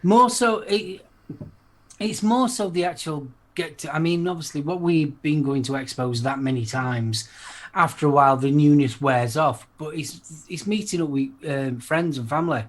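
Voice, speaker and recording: A relaxed Yorkshire man with a slightly raised voice, chatting easily among friends. He reflects on things at an unhurried, conversational pace. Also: a little high. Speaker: podcast co-host. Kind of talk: casual chat.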